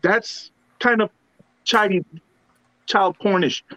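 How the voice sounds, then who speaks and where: A man's voice: high-pitched, steady tone, takes it slowly, sharp tone, no echo. A man co-hosting a podcast, ranting in a heated, profane way. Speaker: podcast co-host. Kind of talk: casual podcast rant. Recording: dull, dry lo-fi sound.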